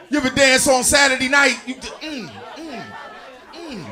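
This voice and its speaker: A man in his forties doing a loud, punchy stand-up routine, acting out voices for his aches. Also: extremely high pitch, moderate pace, soft background music, some chatter behind. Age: 40s. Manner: loud, punchy, acts out body parts talking. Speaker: stand-up comedian.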